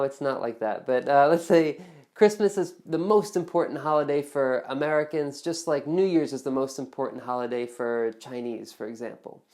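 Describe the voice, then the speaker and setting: A woman with a notably deep voice explains exam speaking strategy to the camera. Her delivery is casual and conversational, checking in with the listener often. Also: a little mellow. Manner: conversational, checks in with "okay?", acts out example dialogue. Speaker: TOEFL test-prep teacher.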